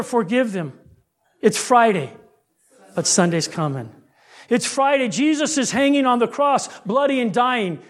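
A man preaching a sermon with rhythmic refrains, building intensity and dropping low on key lines.

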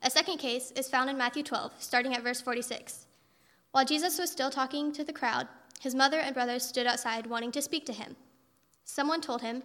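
Casting: a woman preaching, high and bright, with reassuring storytelling and echoey hall sound. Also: fairly quick. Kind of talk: sermon.

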